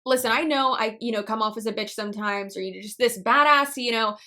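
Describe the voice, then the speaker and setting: A woman's voice: on the high side, brisk, bright, forceful tone. A young woman giving blunt, sassy vlog commentary, swearing freely and tearing up as she talks. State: teary and emotional. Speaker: anti-MLM commentator.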